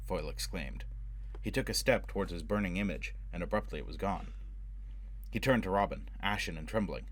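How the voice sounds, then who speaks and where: A male audiobook narrator with a low voice reads scripted narration in a steady, measured way. There's no room sound.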